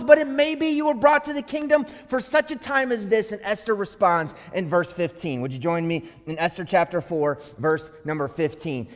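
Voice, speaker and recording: High-voiced pastor in a reverberant hall. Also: male voice. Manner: earnest, shifts between hushed and emphatic. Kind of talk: sermon.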